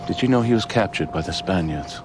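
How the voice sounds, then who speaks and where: An actor playing a grave young royal who recalls his boyhood, speaking slowly and somberly in a period drama clip. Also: low voice, expressive. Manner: slow, somber and measured. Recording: drama clip under loud music. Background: loud dramatic score.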